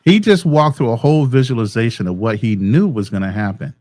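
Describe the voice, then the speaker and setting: A man co-hosting a podcast, calmly explaining a guest's story in casual discussion. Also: mid-range voice, a little fast, no room sound. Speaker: podcast co-host.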